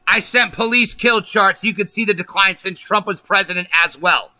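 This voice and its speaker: A man's voice: sits high, normal speed, bright, forceful tone, no echo. A man hosting a political livestream, ranting angrily and emphatically with lots of profanity. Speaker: livestream host.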